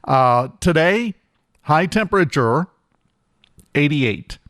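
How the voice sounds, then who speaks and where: A man's voice: a little high, expressive, slow pace, a bit bright, no room sound, clean studio sound. A male morning radio talk show host, running through the weather with wry, joking asides. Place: radio studio. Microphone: close studio mic.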